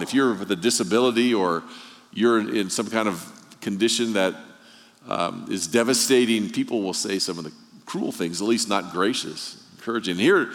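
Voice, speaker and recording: Male pastor, low voice, sermon delivery, keeps asking questions and builds emphasis, long hall reverb. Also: a bit bright. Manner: questioning, storytelling, rising emphasis.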